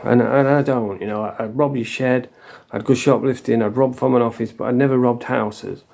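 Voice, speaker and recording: Blunt, sweary man with a mellow voice. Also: mid-range voice, fairly even intonation, moderate pace, gravelly. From England. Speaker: vlogger. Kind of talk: casual storytelling.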